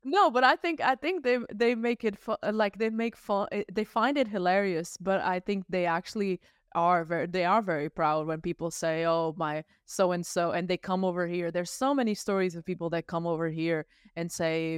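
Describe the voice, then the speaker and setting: A woman's voice: fairly low pitch, moderate pace, clear, resonant tone, no echo, clean studio sound. A woman talking as a guest on a podcast, chatty and rambling, laughing easily. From not Canadian, living abroad. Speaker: guest artist. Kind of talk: casual podcast conversation.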